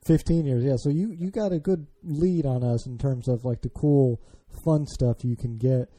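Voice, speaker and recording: A man's voice: mid-range voice, normal speed, crowd noise. An American man hosting a car podcast, chatting casually with frequent restarts. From United States. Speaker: podcast host. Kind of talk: casual chat.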